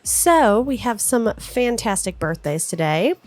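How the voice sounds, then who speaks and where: A woman's voice: a little high, big pitch swings, unhurried, a little mellow, no room sound. A woman in her twenties, co-hosting a casual podcast and reading music birthdays with frequent giggles. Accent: Floridian American. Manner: giggly, reads birthday notes with frequent laughs. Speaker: co-host reading a music history segment.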